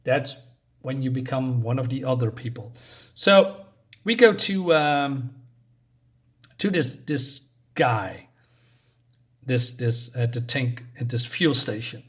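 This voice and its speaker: A man's voice: medium pitch, takes it slowly, long pauses. A man reading a comic book aloud and reviewing it in a casual, rambling way. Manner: rambling, with frequent ums and restarts.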